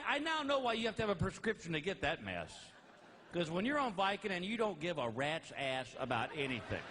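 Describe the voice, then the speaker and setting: A high-voiced male stand-up comedian tells a story with big swoops of pitch. He punches lines with shouts and quick impressions. The live recording is noisy throughout. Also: a faint crowd. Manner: animated, exaggerated, slipping into voices and shouts.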